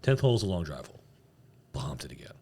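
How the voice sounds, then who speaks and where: Brief: middle-aged male co-host, quick and lively storyteller, voices his own shouted lines. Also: extremely low pitch, slightly rough. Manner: animated storyteller, acts out shouted quotes, laughs often. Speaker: podcast co-host. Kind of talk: casual storytelling chat.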